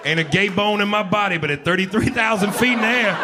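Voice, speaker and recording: A man doing a profane stand-up comedy set on a club stage, telling loose stories and breaking into loud impressions. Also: high-pitched, very fast, hardly any pauses, heavy background noise. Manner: loose, profane storytelling with bursts of shouted impressions. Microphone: handheld stage mic. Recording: live club recording with crowd laughter.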